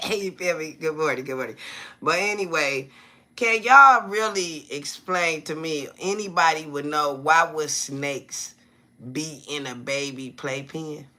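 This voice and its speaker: A man's voice: on the high side, slow pace, bright, forceful tone. A man talking casually to viewers on a live stream on his phone. His talk is loose and slangy, he keeps asking them "you feel me?", and he breaks off to greet people by name.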